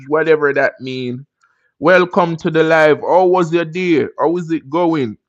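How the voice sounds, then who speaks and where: A man's voice: on the high side, a little slow, dry recording, highs cut off. A man with a Jamaican accent, hosting a live stream and chatting casually with viewers, rambling into encouraging life advice. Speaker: livestream host.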